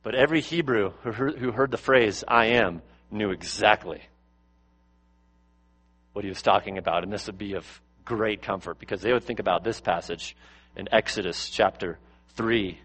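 A male pastor delivering a sermon, swinging between louder, higher bursts and low, quiet passages, with lots of rhetorical questions. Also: normal speed. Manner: rises and drops in pitch and loudness for emphasis, asks rhetorical questions.

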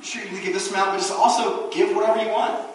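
Animated preacher in an echoey church. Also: male voice, high-pitched, fast, a little hiss or hum. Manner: animated preaching, acts out quoted voices. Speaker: pastor. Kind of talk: sermon. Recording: very echoey room, distant mic.

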